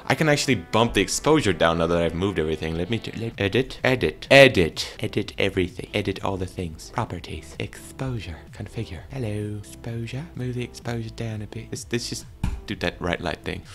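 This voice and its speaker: A low-voiced man with a gravelly, creaky edge, talking into a webcam at home. He rambles and jokes at his own expense in a casual vlog, with faint music playing behind him. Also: fast. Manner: rambling, self-mocking, talking to himself while adjusting camera settings. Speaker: YouTuber.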